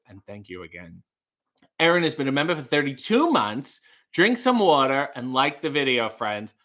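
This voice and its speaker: A man's voice: medium pitch, bright, forceful tone. A man hosting a casual live stream, reading viewer comments aloud and joking with chat. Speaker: livestream host.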